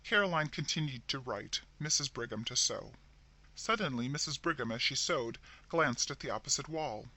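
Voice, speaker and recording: A man narrating a scripted horror story in a dramatic, expressive reading. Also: mid-range voice, normal speed.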